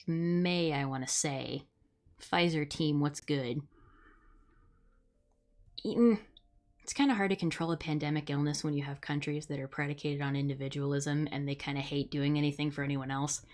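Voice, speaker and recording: Low-voiced blunt woman streamer. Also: moderate pace, a little mellow. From Midwest United States. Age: young adult. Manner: blunt, sarcastic, swears freely. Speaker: streamer host. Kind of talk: casual live-stream chat.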